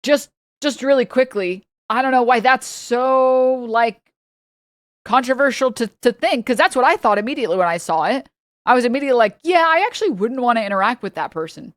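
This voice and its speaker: A woman's voice: on the high side, lively intonation, fairly quick, no room sound, studio quality. Fiery, swearing young woman streamer. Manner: fiery and profane, stumbling restarts. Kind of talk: heated live-stream reaction.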